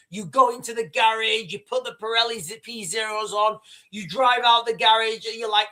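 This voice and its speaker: A man's voice: high voice, fairly quick, few pauses. A middle-aged man hosting a livestream, ranting casually with lots of swearing and rambling asides. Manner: profane, rambling, animated storytelling. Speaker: livestream host.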